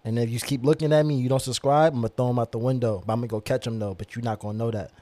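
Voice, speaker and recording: A man's voice: mid-range voice, steady tone, very fast, dark tone, no echo. A young man co-hosting a podcast, talking loosely in slang and tacking "bro" onto his sentences in casual banter. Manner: loose slangy talk, drops 'bro' constantly. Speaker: podcast co-host.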